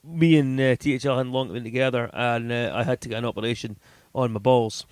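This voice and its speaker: A man's voice: mid-range voice, fairly even intonation, fairly quick, darkish tone, smooth, no echo. A man co-hosting a podcast, telling an embarrassing story about himself in a sheepish, self-mocking way and laughing as he goes. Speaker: podcast co-host. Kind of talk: comedic personal anecdote.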